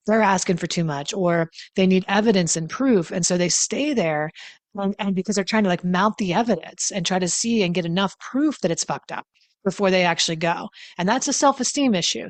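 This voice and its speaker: A woman's voice: lowish voice, no room sound. A woman giving casual relationship advice to camera in a blunt, emphatic way, swearing freely and repeating words for stress. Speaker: relationship coach.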